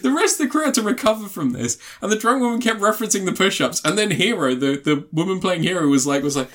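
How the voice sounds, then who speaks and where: A man's voice: high voice, big pitch swings, fast, few pauses, a bit bright. A man co-hosting a podcast, telling a story in casual chat, laughing often and swearing freely. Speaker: podcast co-host.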